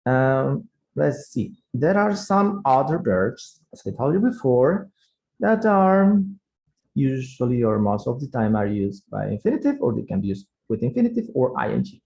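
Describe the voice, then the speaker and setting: A man teaching an English grammar lesson online, unhurried and checking in with students with frequent "yeah?" tags, in second-language English. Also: medium pitch, sing-song, gravelly, darkish tone, muffled recording.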